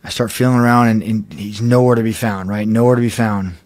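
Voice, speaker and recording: A man's voice: fairly low pitch, fairly even intonation, darkish tone, dry recording. A man on a podcast telling a cave-diving ordeal, swearing often and stopping and restarting as he goes. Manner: intense, profane, halting retelling. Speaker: podcast guest. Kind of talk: storytelling in casual chat.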